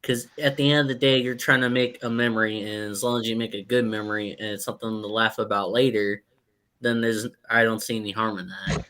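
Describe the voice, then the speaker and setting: A man's voice: on the low side, brisk. A man on an open talk panel in casual chat, telling school anecdotes and acting out what people said. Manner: animated anecdote-telling with acted-out quotes.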